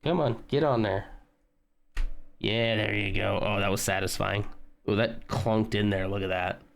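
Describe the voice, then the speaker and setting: A man's voice: on the low side, steady tone, a little slow, vocal fry. A man casually chatting with viewers on a live stream while building a model kit, rambling and humming tunes as he works.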